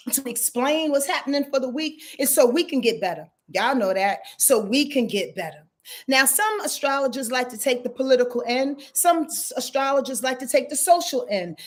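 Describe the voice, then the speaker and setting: High-voiced New woman astrologer. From Yonkers, New York. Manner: lively, slangy, greets viewers by name; repeats catchphrases, laughs often. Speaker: astrologer and channel host. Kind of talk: casual live-stream chat.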